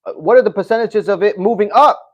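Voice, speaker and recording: High-pitched male streamer, casual chat with his audience, animated and loose-mouthed. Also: fast. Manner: animated, talks straight to chat, swears. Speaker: livestream host. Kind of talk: casual livestream chat reading comments.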